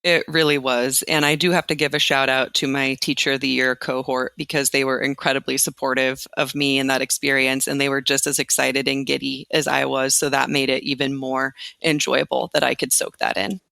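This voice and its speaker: A woman from Nebraska, a teacher and interview guest, tells her story with lively energy. She acts out quotes with big leaps up in pitch. Her voice is bright and a little gravelly, and the sound is dry and close. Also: fairly quick, hardly any pauses, no room sound.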